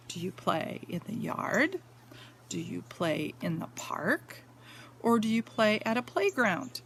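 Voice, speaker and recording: A woman teacher with a fairly high voice reads a picture book to little children. She takes her time and lets her pitch swing up and down in a sing-song way, pausing often to ask questions. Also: fairly bright tone. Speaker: teacher reading aloud to young students.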